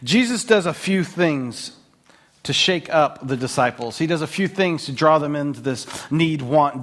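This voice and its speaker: A man preaching a conversational sermon as a pastor, telling stories with jokes and laughs and a lot of filler words. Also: a little high. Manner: animated, joking storyteller with laughs and filler words.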